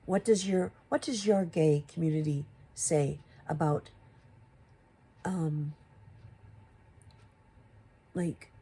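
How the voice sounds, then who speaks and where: Slow and pausing often, her deep, dark, husky voice delivers confrontational YouTube commentary. She throws rhetorical questions at another creator, building toward exasperated emphasis.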